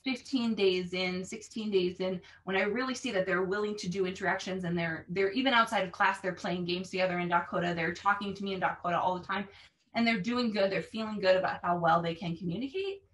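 Explaining her classroom approach, this female language teacher gets lively and performs phrases with over-the-top intonation. She has a mid-range voice, keeps a brisk pace, and sounds distant from the microphone.

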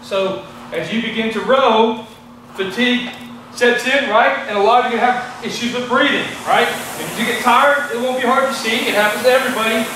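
A man's voice: very high-pitched, normal speed, background noise. A man with a Texan accent explaining a rowing test as an instructor, plain and repetitive, checking in with "okay?" as he demonstrates. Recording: echoey room from a distance.

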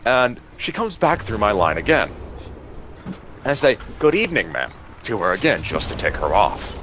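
Young man, casual storytelling, very expressive pitch, voice chat mic, faint noise. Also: moderate pace. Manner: animated, acts out quoted voices. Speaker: storyteller among gaming friends.

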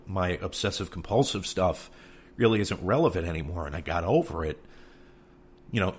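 Deep-voiced new york guy just talking it out on his podcast, blunt and rambly, swears plenty. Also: breathy edge. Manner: frank and rambling, with frequent cursing. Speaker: podcast host. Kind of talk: candid casual monologue.

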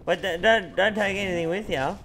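A man playing a co-op game, excitable, swinging from muttering to yelling. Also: sits high, fairly quick, a little hiss or hum. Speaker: gamer. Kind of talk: casual co-op gaming chat.

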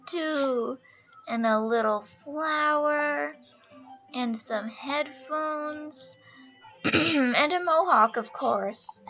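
A young woman host giving casual, excitable gameplay commentary, gushing and giggly. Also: fairly high pitch. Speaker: gaming channel host. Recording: lo-fi screen-capture audio over game music.

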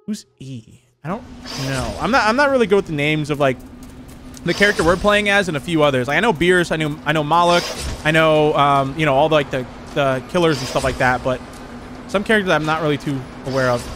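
A young man giving rambling, excitable commentary while playing a horror game. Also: on the high side, brisk, slight background noise. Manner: rambling, excitable, many fillers. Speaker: gaming channel host. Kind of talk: let's play commentary.

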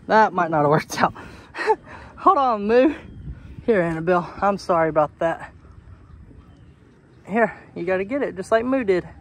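A man talking casually to his goats on a homestead, coaxing and scolding them playfully, his voice jumping high when he is exasperated. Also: animated, unhurried, long pauses. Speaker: homesteader vlogger. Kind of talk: casual talk to farm animals. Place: outdoors on a homestead among goats and animals.

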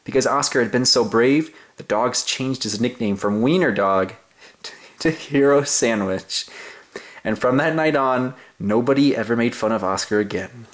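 This young adult man speaks at medium pitch and a moderate pace. He reads a kids' story in a deliberately silly, sing-song manner, playful and exaggerated throughout.

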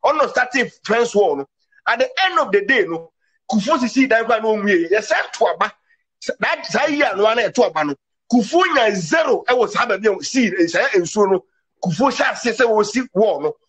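A man's voice: high-pitched, lively intonation, a little fast, a bit bright, husky, low-quality recording. A man giving an impassioned political commentary, emphatic, with English words mixed into his talk.

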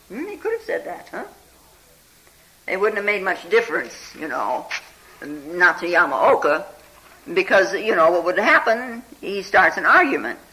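Bright, lively meditation teacher's talk. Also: mid-range voice, gravelly, low-quality recording. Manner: often checks in with listeners with "hmm?" and "huh?"; unhurried and conversational, full of "you know". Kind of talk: spiritual talk telling a Zen story.

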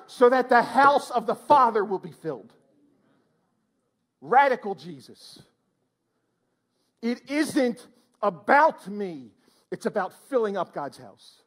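A male preacher with a strikingly high voice delivers a sermon to his congregation in church. His pitch swoops up and down as he exclaims and throws questions out to the room. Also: expressive, unhurried, pauses often, a bit bright. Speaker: pastor.

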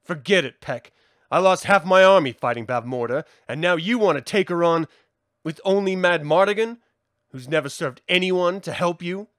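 A man voicing a gruff, hard-bitten army commander who talks low, grave and clipped. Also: moderate pace, fairly bright tone, no echo, clean studio sound. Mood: grim.

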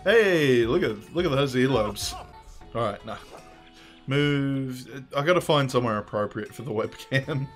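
A man in casual gameplay commentary, joking and crude as he rambles along. His voice is mid-pitched, with faint game music underneath. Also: lively intonation, measured pace. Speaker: game streamer.

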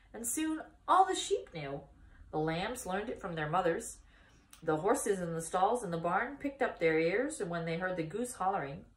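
A woman reading a children's chapter book aloud with expressive, clear storytelling. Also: mid-range voice. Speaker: story time reader. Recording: echoey room.

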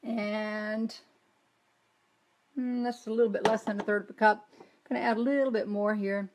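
A woman's voice: mid-range voice, fairly even intonation, normal speed, background noise. A woman with a light Southern US accent hosting a live cooking demonstration, chatting as she works and reading viewer comments aloud. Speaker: cooking demo host. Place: home kitchen.

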